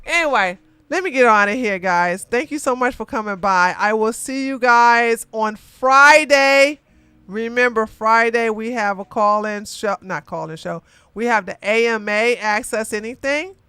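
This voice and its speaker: A woman hosting a casual livestream commentary, chatty and quick to laugh, with animated bursts. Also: a little high, smooth, no room sound.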